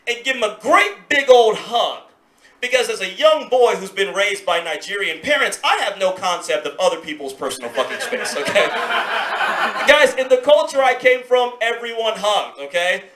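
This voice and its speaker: A man doing stand-up comedy, telling a story and acting out its voices, with crowd laughter in a club. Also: sits high. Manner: animated, acts out voices, laughs along with crowd. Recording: roomy club live recording. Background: audience laughter.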